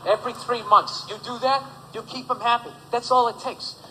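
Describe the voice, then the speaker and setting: A man's voice: very high voice, steady tone, normal speed, sharp tone, slight background noise, low-quality recording. A man doing a stand-up routine, ranting with profanity and sarcasm. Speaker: stand-up comedian.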